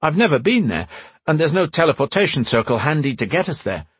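Sarcastic worn-out young dude played by a man, kinda husky, dry close sound. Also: on the high side, big pitch swings, brisk, no echo, pitched above the performer's own voice. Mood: sardonic, wry. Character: sardonic young man, weary and restless.

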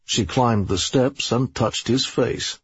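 A man narrating an audiobook in a steady, deliberate way. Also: medium pitch, slightly rough, no room sound. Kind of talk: scripted narration. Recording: slightly dull, dry audio.

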